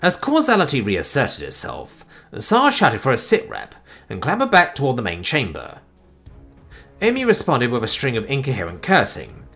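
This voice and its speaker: A man narrating a sci-fi war story in an animated, expressive way, with sudden swings in pitch and loudness. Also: normal speed, soft background music.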